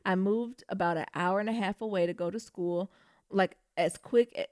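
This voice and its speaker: A woman co-hosting a podcast in casual chat, animated and quick to laugh and tease. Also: mid-range voice, no room sound, clean studio sound. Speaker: podcast co-host.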